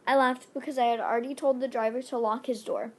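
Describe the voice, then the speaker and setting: Young woman, high voice, playful, giggly asides, reading her fanfiction. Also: fairly even intonation, fast talker. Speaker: fanfiction reader. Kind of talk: reading own fanfiction aloud.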